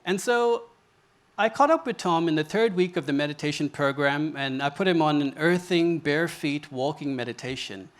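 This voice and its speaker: A man's voice: a little high, moderate pace. A man giving a stage talk, telling a story with quoted dialogue in an earnest way. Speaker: speaker. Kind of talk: public talk. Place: stage before an audience.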